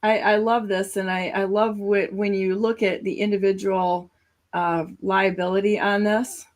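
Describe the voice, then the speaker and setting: Female co-host, mid-pitched voice, casual and slightly halting, political talk show. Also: flat delivery.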